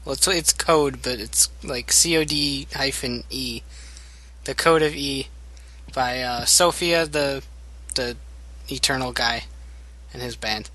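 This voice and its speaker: A man's voice: mid-range voice, slow, sharp tone. A young man hosting a fan podcast, reading news items aloud like a reporter and laughing between them.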